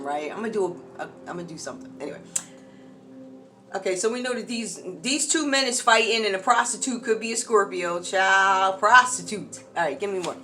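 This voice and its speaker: Woman tarot reader, casual and animated, slangy asides, soft music bed underneath. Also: medium pitch, fairly quick. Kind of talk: casual tarot reading monologue.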